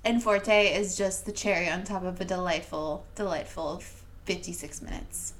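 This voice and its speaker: A woman's voice: lowish voice, fairly even intonation, moderate pace, fairly bright tone. A woman guesting on a podcast in casual chat, giving dry, wry asides.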